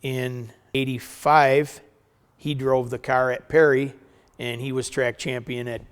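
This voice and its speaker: A man speaks in a plain, steady way while recalling old times. His pitch is mid-range and unremarkable. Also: slow, clear, resonant tone. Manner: plain, matter-of-fact recollection. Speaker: interviewee. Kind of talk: documentary interview.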